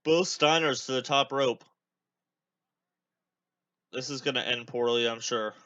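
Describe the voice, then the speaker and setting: A man's voice: medium pitch, a little slow, a bit bright, no echo, lo-fi sound. A young man hosting a podcast, rambling casually through a watch-along with lots of filler words. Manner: rambling, many fillers, chatty asides. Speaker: podcast host.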